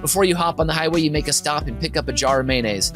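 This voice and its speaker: A man's voice: a little high, quick pace, over music. A man from Minnesota hosting a comedy podcast, reading a comic top-five list in a rambling, giggly way that keeps interrupting itself. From Minnesota, USA. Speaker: podcast host.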